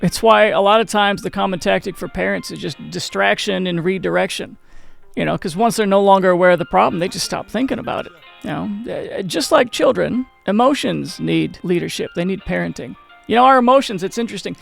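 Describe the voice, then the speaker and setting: A man's voice: high voice, a little fast, creaky, a bit bright, faint music behind. A man hosting his own channel, talking casually to the viewer, with frequent restarts and questions to the listener. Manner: conversational, repeats and restarts, asks the viewer questions. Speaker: channel host. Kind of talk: casual talk to camera.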